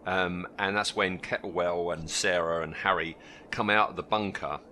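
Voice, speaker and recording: A man co-hosting a casual podcast, recapping episode scenes with lively asides. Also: low-pitched, moderate pace, heavy background noise. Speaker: podcast co-host. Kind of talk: casual chat about a TV episode.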